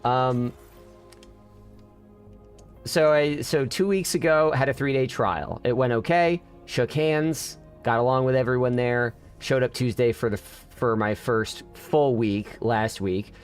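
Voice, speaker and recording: A man's voice: mid-range voice, unhurried, clean tone, soft background music. A man streamer in casual live-stream chat, venting candidly to his viewers with frequent restarts.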